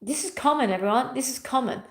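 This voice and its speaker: A woman talks as a spiritual teacher in a fairly high voice. She speaks emphatically and hammers her points home by repeating them. The recording has a roomy echo from her home. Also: quick pace. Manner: emphatic, repeats key phrases. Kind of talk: spiritual motivational talk.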